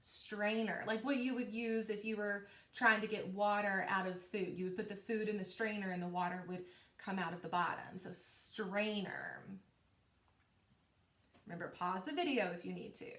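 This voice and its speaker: A woman teacher giving a patient, encouraging phonics lesson to young children, speaking clearly and slowly. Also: mid-range voice, fairly bright tone. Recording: echoey room.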